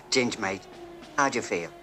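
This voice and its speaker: An actor playing a cheerful, tactless young soldier in a 1960s film comedy. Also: male voice, fairly low pitch, measured pace, over music, natural voice. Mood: chummy. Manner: chummy, tactlessly frank. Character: cheerful blunt young male British soldier.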